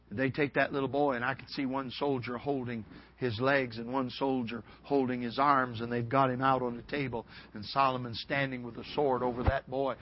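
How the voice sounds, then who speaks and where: A man preaching a revival sermon in a folksy, storytelling way, rising to loud peaks and dropping to a hush. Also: mid-range voice, fairly even intonation, a little fast. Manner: swings from loud shouting peaks to hushed near-whisper. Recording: dull lo-fi recording.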